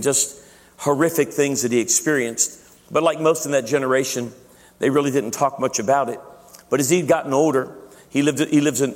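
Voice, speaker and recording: A man preaching a sermon as pastor, chatty and self-deprecating, often restarting his sentences. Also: mid-range voice. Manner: conversational, self-deprecating humor, frequent restarts. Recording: long echo of a large hall.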